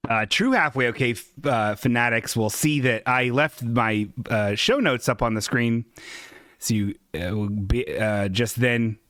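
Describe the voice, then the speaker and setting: A man's voice: mid-range voice, measured pace, a bit bright, dry recording. A man hosting a casual solo podcast, rambling and self-deprecating and swearing freely. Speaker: podcast host. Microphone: desk microphone.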